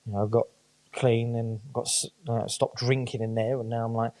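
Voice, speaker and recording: A man's voice: medium pitch, little pitch movement, moderate pace, a little mellow. A man, a podcast guest telling his stories casually, swearing freely and acting out the voices of people he quotes. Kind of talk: casual storytelling chat.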